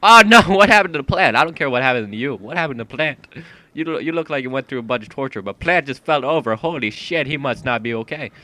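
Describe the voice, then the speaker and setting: A young man giving jumpy, profane commentary while playing a horror game, yelping and shouting when startled. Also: mid-range voice, lively intonation, fast. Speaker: gaming YouTuber. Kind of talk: horror let's-play commentary. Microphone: gaming mic with headphones.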